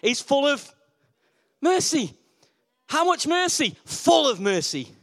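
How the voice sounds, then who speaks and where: Man preaching, high voice, call-and-response, repetitive emphasis. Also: sing-song, slow pace, a bit bright. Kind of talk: lively sermon.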